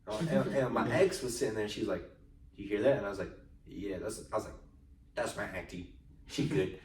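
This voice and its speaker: A man's voice: fairly low pitch, moderate pace, pauses often, a crowd in the background. Rambling young man, roomy and distant. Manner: rambling storyteller, heavy slang and swearing. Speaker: podcast co-host. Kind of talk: casual chat. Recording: roomy echo, far from mic, faint noise.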